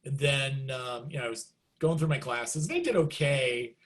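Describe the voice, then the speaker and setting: A middle-aged man, a guest musician, telling stories in a casual interview and acting out quotes with big jumps in pitch. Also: moderate pace.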